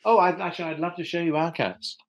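An older actor from South London, a man with a fairly high, steady voice, chats casually over a video call for an interview. He talks fast but hesitantly, repeats his words and chuckles often, and the sound is lo-fi.

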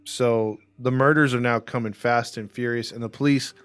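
A man's voice: medium pitch, steady tone, moderate pace, a bit bright, clear, resonant tone. A man co-hosting a casual true-crime podcast, telling the story with lots of fillers and restarts. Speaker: podcast co-host.

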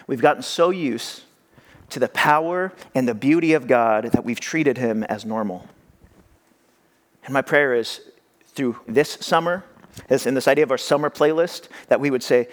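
A man's voice: fairly high pitch, normal speed. A young adult man preaching a sermon as pastor, talking conversationally and acting out the voices he quotes. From California.

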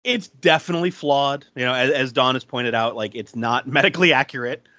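A man hosts a podcast and walks through a film's plot in loose, chatty talk, swearing casually and laughing often. His voice is bright and forward. The recording is dry and a little dull and lo-fi. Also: mid-range voice, brisk, no room sound. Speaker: podcast host recapping a movie. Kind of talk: casual chat.

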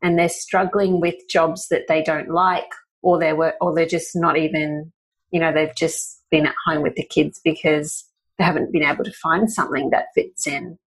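A woman's voice: low voice, flat delivery, normal speed, low-quality recording. A woman hosting a casual podcast interview, asking long, rambling questions and often correcting herself mid-sentence. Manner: rambling, self-correcting questions full of "you know". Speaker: podcast host.

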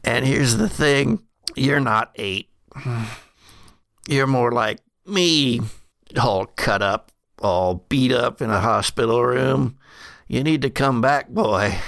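A man voicing an old, battered older brother with a slow, gravelly drawl. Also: medium pitch, fairly bright tone, no room sound, clean studio sound. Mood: menacing.

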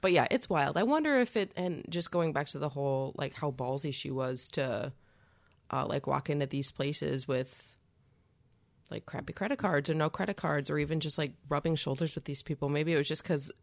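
A woman with a deep, gravelly voice chats casually as a podcast co-host. She laughs often and fills her talk with fillers. Her sound is close and dry. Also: moderate pace, dry recording. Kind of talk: casual chat.

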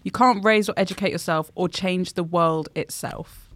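A woman's voice: fairly low pitch, normal speed. A woman producer co-hosting a podcast, mostly giving short agreements and now and then posing reflective questions. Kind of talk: casual chat.

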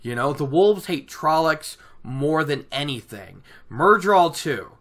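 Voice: medium pitch, expressive, slow pace, a bit bright. A podcaster voicing a blunt older man who lives with wolves, speaking in an offhand, amused way while retelling a fantasy novel.

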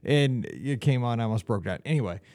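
A man's voice: mid-range voice, animated, fairly quick, a little mellow, no room sound. Sentimental man co-hosting a podcast. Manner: emotional, rambling, gets choked up. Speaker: podcast co-host. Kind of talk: casual podcast chat.

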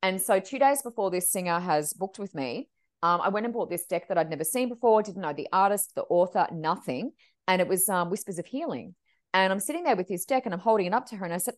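A woman working as a medium, telling stories as a podcast guest in a lively, expressive way and acting out the voices she quotes. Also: medium pitch, quick pace. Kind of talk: animated storytelling chat.

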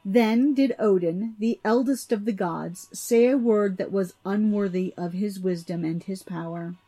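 A woman narrating an old myth in an even, measured storybook reading. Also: medium pitch, faint music behind.

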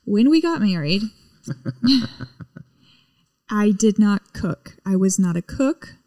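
A woman's voice: mid-range voice, very animated, slow pace, warm tone, dry recording. A middle-aged woman chatting casually with her husband, explaining things in a matter-of-fact way. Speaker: podcast co-host, wife. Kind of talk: casual chat.

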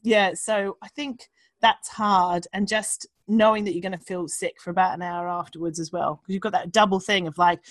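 A woman talking candidly as a guest, frank and animated, swearing freely and acting out the voices she quotes. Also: on the low side, moderate pace, dry recording. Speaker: podcast guest. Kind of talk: candid conversational chat.

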